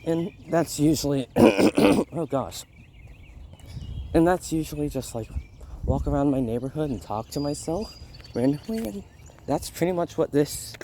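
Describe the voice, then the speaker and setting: A man's voice: a little high, expressive, a little slow, vocal fry, pauses often, mellow, a little hiss or hum. A young man hosting a casual vlog while walking outdoors, slightly sick, rambling and interrupting himself with frequent laughs. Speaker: vlog host. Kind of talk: casual rambling walk-and-talk. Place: outdoors on a neighborhood walk. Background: birds and a barking dog outdoors.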